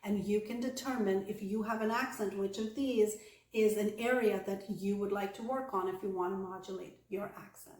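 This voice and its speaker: A woman giving an online English pronunciation lesson, speaking clearly and deliberately and slowing down to model example sentences. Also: medium pitch, fairly even intonation, a little mellow, echoey room, slight background noise. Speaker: English accent coach.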